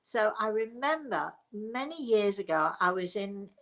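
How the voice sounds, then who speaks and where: A woman's voice: mid-range voice, expressive, unhurried, vocal fry, a bit bright, poor audio. An older woman from England, hosting a live stream as a spiritual medium and telling a rambling personal story with many restarts.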